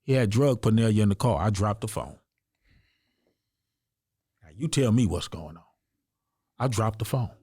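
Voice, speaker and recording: A man's voice: fairly low pitch, normal speed, long pauses, mellow, slightly rough, dry recording, studio quality. A man from the United States, a podcast guest, telling his own story in an earnest, emphatic, conversational way. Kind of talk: personal storytelling in an interview.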